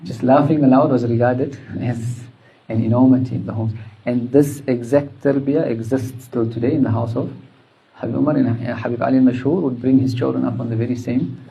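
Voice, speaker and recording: A man giving a religious lesson, retelling anecdotes with quoted dialogue in a measured way. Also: mid-range voice, fairly even intonation, gravelly, mellow, rough recording. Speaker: religious teacher.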